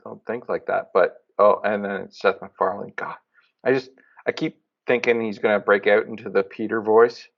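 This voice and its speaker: A man co-hosting a podcast, chatting casually and telling rambling, excitable stories. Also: lowish voice, moderate pace, creaky. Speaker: podcast co-host. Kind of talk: casual chat. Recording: dull lo-fi sound.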